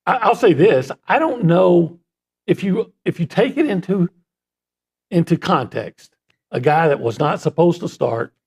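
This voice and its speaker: A man's voice: sits high, lively intonation, unhurried, darkish tone, breathy edge. A man co-hosting a sports talk radio show in a studio, giving opinions with frequent restarts. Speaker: co-host and analyst.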